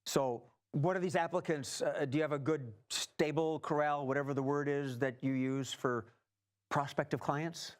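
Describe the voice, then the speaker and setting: An improv actor playing a blustering, joke-cracking company boss, sitting a touch high in his range and tripping over restarts as he runs the meeting. It is a live improv comedy scene in a TV studio. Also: fairly even intonation, moderate pace, close to an everyday voice. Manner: jokey, stammering restarts. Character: blustering male company CEO. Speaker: improv performer.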